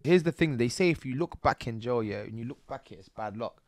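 A young man, telling his own stories as a podcast guest in a lively, slang-filled way and acting out scenes as he goes. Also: medium pitch, fairly quick, no room sound. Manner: animated, slang-heavy, acts out scenes. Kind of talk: casual storytelling interview.

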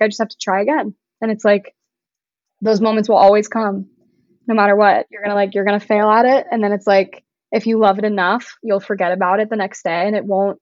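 A woman's voice: mid-range voice, a little mellow, no room sound. Young woman guest, casual and chatty, emotional at times; dull, dry recording. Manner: chatty, lots of "like", gets emotional. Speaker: podcast guest, singer-songwriter. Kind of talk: casual interview chat.

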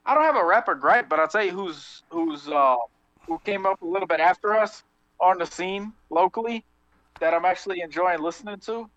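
A man's voice: sits high, brisk, fairly bright tone, dry recording, dull audio. A man co-hosting a podcast, rambling and joking with heavy profanity in casual banter. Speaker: podcast co-host.

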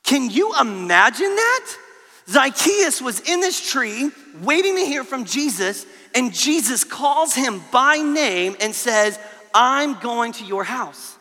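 Bright, animated man preaching to kids. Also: extremely high pitch, takes it slowly. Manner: animated, talks directly to the kids. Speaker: camp speaker. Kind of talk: children's sermon storytelling. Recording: long hall reverb.

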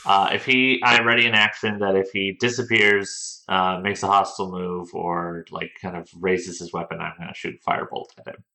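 A man's voice: deep voice, flat delivery, normal speed, hardly any pauses, bright, forceful tone, poor audio. A man playing a tabletop game, methodical and focused on the rules. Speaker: player. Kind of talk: casual tabletop play.

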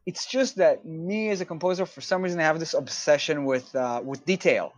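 A man's voice: fairly high pitch, brisk, no echo. A man from Israel, a composer guest in a casual interview, explaining his work thoughtfully with many fillers and restarts.

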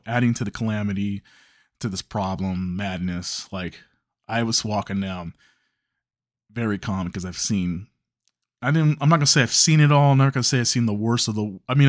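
A man's voice: lowish voice, no room sound, clean studio sound. A man from Chicago, hosting a podcast, telling a long story in a loose, rambling way, correcting himself and swearing casually. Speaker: podcast host.

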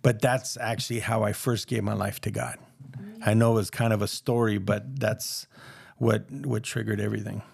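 A man's voice: on the low side, steady tone, normal speed, vocal fry, a little mellow, breathy edge, dry recording, studio quality. A man sharing his personal testimony in a casual, earnest, rambling way, acting out the voices of people he quotes.

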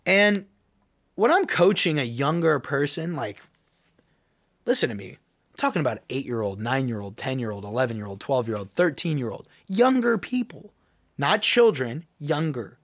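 A man who hosts his own podcast and coaches youth basketball delivers an earnest, rambling monologue of personal opinion, full of restarts. His voice is medium-pitched, expressive, and a bit bright, at normal speed.

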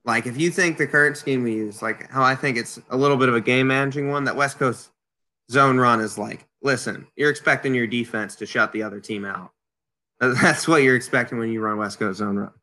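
A man guest on a casual podcast, talking in an animated way with frequent restarts. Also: medium pitch, a little fast.

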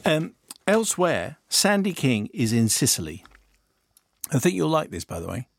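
A man's voice: a little high, sing-song, normal speed, vocal fry, no echo. A man hosting a casual chat show, teasing his co-host with dry banter and reading out listener mail.

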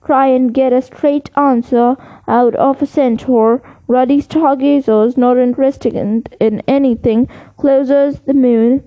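A blunt, irritable schoolboy grumbling, as a woman reading aloud puts him on. The voice is high and unhurried. The recording is dull and lo-fi. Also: fairly even intonation, dry recording. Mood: irritated. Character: irritable boy student, grumpy and blunt.

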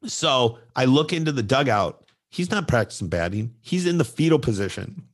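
A middle-aged man tells a youth baseball story in a relaxed podcast chat. His voice swings widely in pitch as he acts out the kids and coaches. He sits in the middle of the usual male range. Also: moderate pace, slightly rough.

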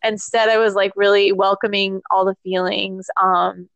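A woman hosting a podcast interview, telling a personal story in a casual, animated way and laughing often. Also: mid-range voice, moderate pace, vocal fry, dry recording. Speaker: podcast host.

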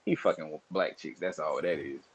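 A man in casual podcast chat, joking bluntly with quick comebacks. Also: rumbling low, husky, dry recording.

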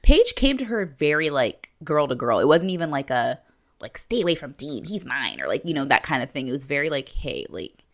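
A woman with a notably low, deep voice chats casually on a podcast. She is a young adult and talks in an animated way, slipping into quick impressions of characters as she recaps. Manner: animated, acts out quotes from the show. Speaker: podcast co-host.

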